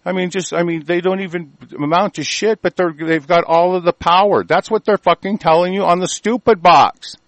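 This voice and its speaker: A man's voice: high-pitched, steady tone, normal speed, few pauses, dry recording. A man ranting on air, angry and profane, rambling with many restarts. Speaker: host reading and ranting on air.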